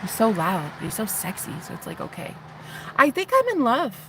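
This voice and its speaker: A woman's voice: a little high, very animated, a little fast, noisy background. A woman vlogging in a casual confessional chat, rambling and chatty with lots of fillers. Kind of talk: casual confessional vlog talk.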